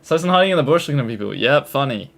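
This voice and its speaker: A man's voice: medium pitch, lively intonation, rapid-fire, creaky. A man reacting to fan-made clips in casual commentary, joking, exasperated and crude.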